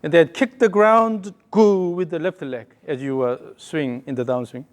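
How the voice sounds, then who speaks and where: A man's voice: fairly high pitch, fairly even intonation, normal speed. A male golf coach giving a hands-on lesson, calling short repeated cues and humming the count and rhythm.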